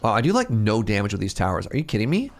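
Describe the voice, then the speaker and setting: A man in his thirties giving casual, animated live-stream commentary as he plays, laughing often and chatting with his viewers. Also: lowish voice, rapid-fire, faint music behind. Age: 30s. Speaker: game streamer.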